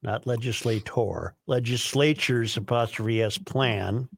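Man, radio host, reads headlines, dictates word by word, unhurried. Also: medium pitch, vocal fry, a little hiss or hum. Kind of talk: reading show headlines on air.

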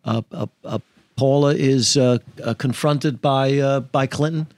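Male lawyer guest, mid-pitched, pausing on fillers as he tells his story; dead, dry room. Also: steady tone, darkish tone, no room sound. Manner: halting, many filler sounds and restarts. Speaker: attorney and interview guest. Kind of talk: storytelling in a podcast interview.

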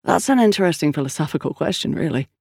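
A man's voice: on the high side, expressive, fast, creaky, darkish tone, breathy edge, no echo, clean studio sound, exaggerated voice. A man voicing a wry, nervous young man.

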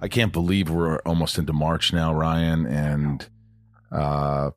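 A man's voice: rumbling low, flat delivery, slow, soft background music. A man hosting a podcast in casual chat, rambling and joking about himself. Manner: rambling, with self-deprecating humor. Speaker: podcast host.

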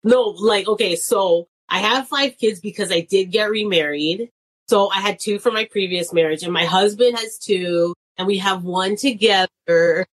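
A woman's voice: mid-range voice, normal speed. A middle-aged woman comedian talking casually in an interview, chatty, often laughing and acting out quoted voices. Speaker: guest comedian.

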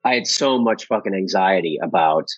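Low husky man with a Boston accent, dull sound. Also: lively intonation, normal speed, no echo. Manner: candid, self-deprecating, swears casually. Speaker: actor guest. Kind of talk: casual interview chat.

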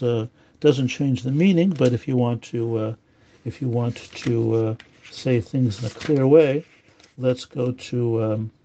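A man giving an informal spoken lesson on prayer pronunciation, halting often with fillers and restarts and repeating key words to stress them. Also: mid-range voice, mellow, dull audio. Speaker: teacher of prayer Hebrew pronunciation.

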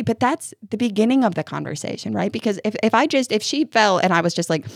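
A woman co-hosting a casual parenting podcast, telling animated stories and acting out how she soothes her child. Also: mid-range voice, quick pace, gravelly, few pauses, breathy edge, no echo, studio quality. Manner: animated storyteller, acts out soothing lines, laughs often. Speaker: podcast co-host.

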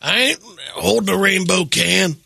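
A man's voice: high voice, a little slow, vocal fry, pushed and bright. A male radio co-host chiming in casually with short, agreeable remarks. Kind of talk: casual chat.

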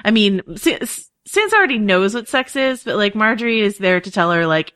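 A woman's voice: fairly low pitch, normal speed, a bit bright, no room sound, clean studio sound. A woman co-hosting a podcast, chatty and enthusiastic, laughing often as she talks. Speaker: podcast co-host. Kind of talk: casual podcast chat.

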